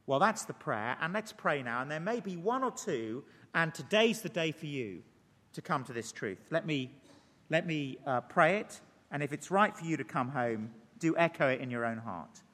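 A man's voice: a little high, animated, fairly bright tone. Earnest male preacher in a reverberant church. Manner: earnest, pleading appeals; slow, deliberate when leading prayer. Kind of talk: sermon. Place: church service. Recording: long church hall reverb.

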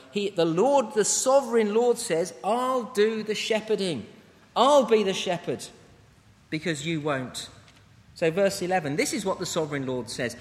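A man in his thirties preaching a sermon, reading scripture aloud and adding plain conversational asides. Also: high-pitched. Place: church. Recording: reverberant church hall.

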